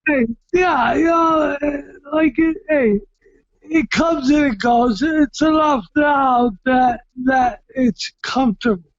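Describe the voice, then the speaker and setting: A middle-aged man from Massachusetts, a retired boxer telling stories in an interview, loud and excitable, often shouting and restarting his sentences. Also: extremely high pitch, takes it slowly, no echo, highs cut off. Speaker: retired heavyweight boxer, guest. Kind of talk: casual storytelling interview.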